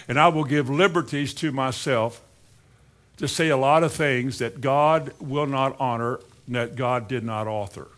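A man preaching a sermon, asking the congregation rhetorical questions, with dry, sarcastic humor and swings between quiet asides and rising emphasis. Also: medium pitch, moderate pace.

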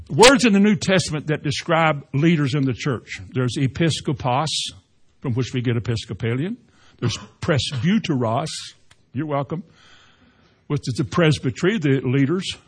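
A man's voice: a little high, husky. A man preaching a sermon as a pastor, growing emphatic as he quotes scripture. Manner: preaching with rising emphasis and Bible quotations.

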